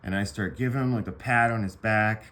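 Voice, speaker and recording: A man's voice: fairly low pitch, brisk, noisy background. A man casually telling a personal story to camera, rambling and profane, with many fillers and restarts.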